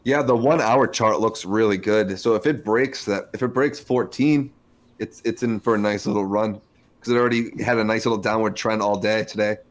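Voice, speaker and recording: A man's voice: fairly low pitch, normal speed. A man co-hosting a casual livestream, reacting with short, blunt interjections. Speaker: co-host.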